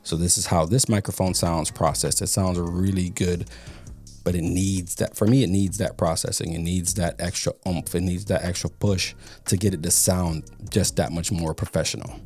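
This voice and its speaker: A man gives a casual, explanatory tech review from a home studio, comparing studio microphones and sometimes repeating words as he thinks. His voice is low, steady and darkish at normal speed, with faint music behind.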